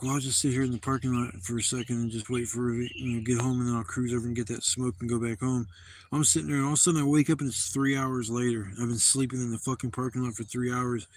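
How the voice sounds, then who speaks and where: A man sits outdoors at a campsite and spins a long, loose story for his livestream, swearing freely as he goes. His voice sits in an ordinary middle range. Faint outdoor noise and birdsong drift in behind him. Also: medium pitch. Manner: rambling, profane, loose storytelling. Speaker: livestream host.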